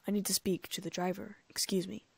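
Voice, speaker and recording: A woman voicing a hoarse, firm older wizard. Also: mid-range voice, little pitch movement, fairly quick, darkish tone, no echo. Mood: steady.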